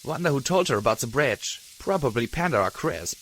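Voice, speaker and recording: A man's voice: medium pitch, animated, brisk, fairly bright tone, a little hiss or hum, voice pushed up, natural voice, poor audio. A man voicing a young colt who speaks in a whiny, laconic way.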